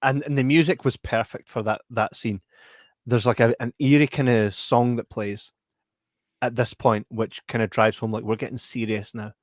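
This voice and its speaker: A young man co-hosting a podcast, laughing often and acting out film scenes with loud yelps. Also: medium pitch, steady tone, normal speed, no echo, clean studio sound. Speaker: podcast co-host. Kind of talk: casual podcast chat.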